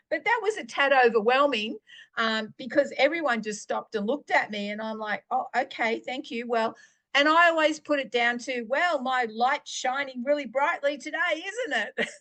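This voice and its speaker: A middle-aged woman, sharing a faith testimony in a chatty, animated storytelling way. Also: fairly high pitch. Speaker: podcast host.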